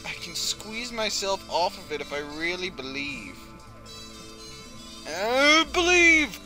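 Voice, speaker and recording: A young man giving casual let's-play commentary, excitable and swearing, often yelling at the game. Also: on the high side, normal speed. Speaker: gaming channel host. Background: game music and sound effects.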